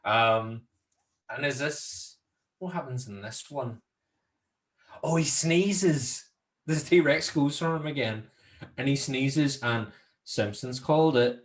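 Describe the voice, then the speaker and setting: A Northern Irish man in easygoing podcast chat, with a mid-pitched voice. He laughs often and breaks into squeaky impressions whenever he quotes a scene. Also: slow pace, long pauses. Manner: laughs often, jumps into high silly voices when quoting scenes. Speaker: podcast co-host. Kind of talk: casual chat.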